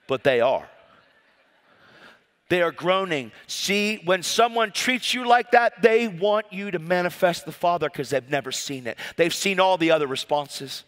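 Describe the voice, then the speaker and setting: A man preaching a sermon, reading scripture and telling stories with fervent swings from loud cries to quiet asides. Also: fairly high pitch, moderate pace. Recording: long hall reverb.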